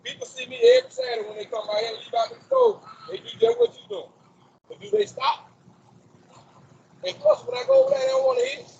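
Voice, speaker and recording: A man's voice: extremely high pitch, sing-song, quick pace, gravelly, darkish tone, highs cut off, a little hiss or hum. A man preaching on the street in front of a store, emphatic and quoting scripture with rhetorical questions, recorded on a phone outdoors. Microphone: phone recording a video.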